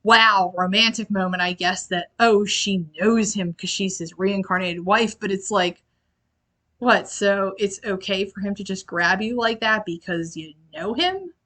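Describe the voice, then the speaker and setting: A woman's voice: medium pitch, measured pace, pushed and bright. A young woman hosting a casual book review, exasperated and rambling with many fillers. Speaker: library video host.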